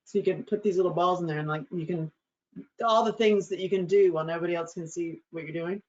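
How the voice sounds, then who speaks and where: A woman's voice: on the low side, steady tone, fast talker, darkish tone, lo-fi sound. A middle-aged woman hosting her own show, telling a frank, profane story in a casual monologue, laughing often and acting out what people said. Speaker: show host.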